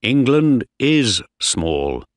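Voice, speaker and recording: A man voicing a tired young ship's officer who speaks calmly and wistfully in a slow, dry storybook reading. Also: mid-range voice, dry recording.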